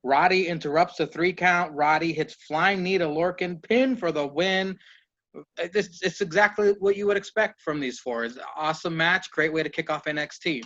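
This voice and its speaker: A man's voice: on the high side, normal speed, bright, forceful tone. Easygoing man on a dull mic. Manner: easygoing, tries and drops accents. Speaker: podcast co-host. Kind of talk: casual wrestling recap.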